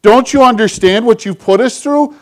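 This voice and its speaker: A man's voice: very high voice, normal speed, voice pushed up. A man voicing a frantic, worried mother scolding her missing son during a children's sermon. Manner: pleading, upset.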